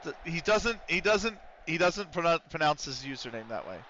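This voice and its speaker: Bright-voiced man streaming and chatting. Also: fairly high pitch, very animated, moderate pace, highs cut off, a little hiss or hum. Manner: swears freely, chats with viewers between play-by-play calls. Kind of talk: casual livestream chat with game commentary.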